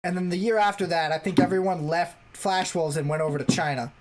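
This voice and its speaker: A man's voice: high-pitched, fairly even intonation, quick pace. A man co-hosting a casual esports podcast, rambling as he recalls facts aloud. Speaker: podcast co-host.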